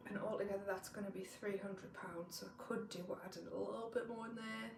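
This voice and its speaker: A woman with a gravelly, creaky edge talks through her budget, musing aloud and tallying numbers as she goes. She sits back from the mic, so her voice carries a roomy echo with faint ambience behind it. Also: medium pitch, fairly even intonation, brisk, recorded from a distance, background noise. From northeast England. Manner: thinking aloud, doing sums as she goes. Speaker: budgeting vlogger. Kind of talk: casual budgeting walkthrough.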